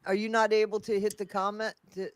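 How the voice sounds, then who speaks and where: A high-pitched man hosts a casual livestream, his voice stuffy and congested. He talks haltingly, restarting his sentences. The sound is dry and close. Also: little pitch movement, a bit bright, clear, resonant tone, dry recording. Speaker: livestream host.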